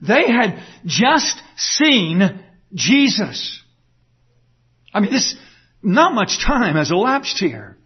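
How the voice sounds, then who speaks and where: Guy preaching a sermon, kinda husky voice, earnest, lots of rhetorical questions, muffled lo-fi sound. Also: sits high, sing-song, extremely slow, pauses often. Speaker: pastor.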